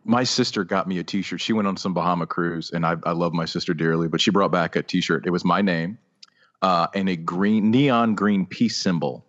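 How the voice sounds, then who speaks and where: Deep voiced guy cracking crude jokes on a podcast, muffled lofi mic. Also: moderate pace, a bit bright. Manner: crude, teasing humor. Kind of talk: casual comedic chat. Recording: dull lo-fi mic.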